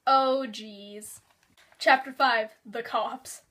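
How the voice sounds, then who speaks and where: A woman's voice: on the high side, steady tone, very slow, pushed and bright. A young woman vlogger reading her childhood story aloud, giggling and breaking into sudden exaggerated outbursts.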